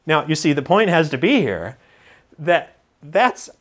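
Animated slow-speaking male preacher. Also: a little high. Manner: animated, teacherly, jokes with the congregation. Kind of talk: expository sermon.

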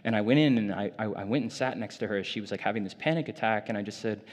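A man's voice: fairly low pitch, very fast, in a large hall. A man preaching a sermon in a loose, conversational way, full of casual fillers, in a church. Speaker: pastor.

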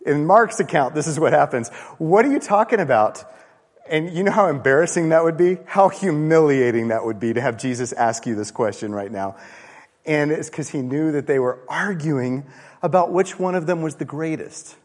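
A man's voice: fairly high pitch, normal speed. A man preaching a conversational sermon with rhetorical questions and playful asides in a church. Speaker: pastor. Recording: long reverb of a large hall.

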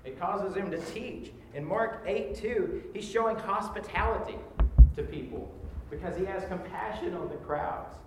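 Man, pastor, sermon, impassioned, slightly high voice, very echoey hall. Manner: impassioned, swells loud on quoted laments. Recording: echoey church hall with background noise.

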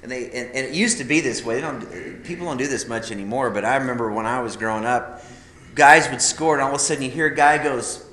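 A man's voice: mid-range voice, fast talker, bright, forceful tone, roomy sound, a little hiss or hum. A man teaching a live class of men conversationally, emphatic, calling them "guys" and asking rhetorical questions. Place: classroom or meeting room.

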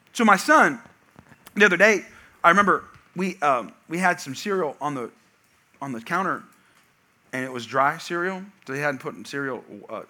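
High, bright-voiced preacher telling stories. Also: male voice. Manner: energetic storytelling, shouting punchlines. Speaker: pastor. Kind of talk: sermon.

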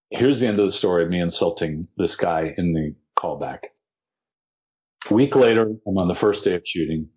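A man tells a casual anecdote from his acting days, his speaking voice sitting on the lower side. He slips into the other people's voices as he quotes them. The recording sounds dull and lo-fi. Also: breathy edge. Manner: animated, acts out quotes of others. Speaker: actor telling a story. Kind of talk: casual storytelling.

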